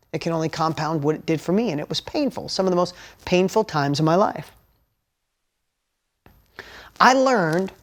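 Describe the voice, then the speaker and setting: Speaking at a fairly high pitch, a man gives an audience a story-driven motivational talk. Frank and emotional, he curses offhandedly and keeps reminding everyone to write things down.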